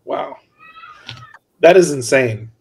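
A male podcast host reacts to his guest with loud enthusiasm. He talks in a casual, friendly way. His voice sits at an average pitch. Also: animated, takes it slowly.

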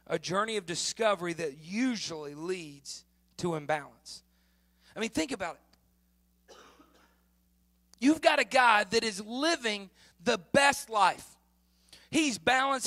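A middle-aged male pastor with a high, bright voice preaches to his congregation. He talks to them like a friend and then builds to strong, emphatic points. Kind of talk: sermon.

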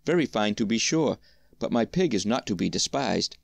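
A man's voice: on the low side, lively intonation, normal speed, gravelly, dry recording. A man voicing Hans, a cheerful, simple-minded young man, in a storybook reading, with an eager, raised voice. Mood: naive, delighted.

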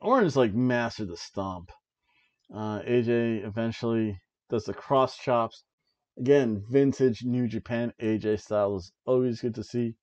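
A man's voice: medium pitch, darkish tone, dull audio. A man hosting a casual wrestling review show, rambling along and laughing at his own jokes as he sits at home. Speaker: podcast host reviewing wrestling. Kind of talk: casual chat. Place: home, seated in an old chair.

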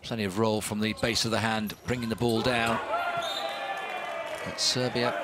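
A man's voice: fairly low pitch, moderate pace, very noisy. A man giving live play-by-play commentary on a volleyball match, lifting his voice on big points. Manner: animated, rising with big points. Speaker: sports commentator.

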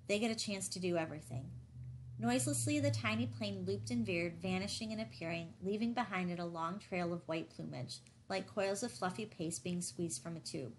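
A woman reading a novel aloud as an audiobook narrator, measured and even. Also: mid-range voice, a little hiss or hum. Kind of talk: scripted narration.

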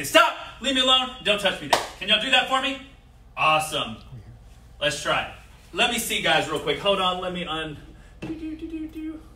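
Bright-voiced martial arts instructor. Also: male voice, sits high, reverberant, far from the mic, a little hiss or hum. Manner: energetic coaching, drills children, shouts example phrases. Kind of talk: kids safety lesson.

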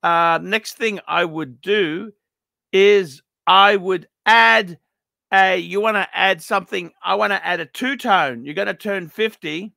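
A man's voice: high voice, unhurried, creaky, sharp tone, no echo, studio quality. A middle-aged man giving a blunt, profane, ranting review of a viewer's watch collection. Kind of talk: unscripted paid review monologue.

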